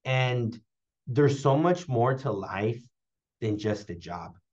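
A man's voice: mid-range voice, animated, slow, darkish tone, highs cut off. A young man answering interview questions, earnest and giving advice, often repeating his phrases. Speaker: interview guest.

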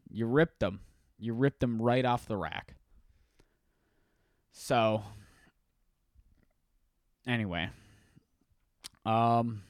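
Smooth-voiced man rambling on a podcast. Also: mid-range voice, dry recording, studio quality. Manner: rambling storyteller, animated, many restarts. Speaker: podcast host. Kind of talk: casual solo podcast chat.

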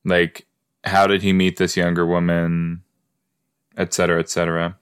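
A man's voice: deep voice, little pitch movement, normal speed, clean tone. A man hosting a casual watch-along podcast, chatty and full of exclamations, often trailing off mid-thought. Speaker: podcast host reacting to a sitcom.

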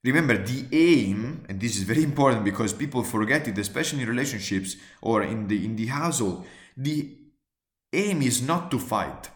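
A man speaking as a walks through advice tips in an earnest, emphatic way. He asks rhetorical questions and repeats his key points. His voice sits at a middle pitch and carries noticeable room echo. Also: expressive, normal speed. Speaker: presenter giving workplace advice. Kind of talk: spoken advice talk, numbered tips.

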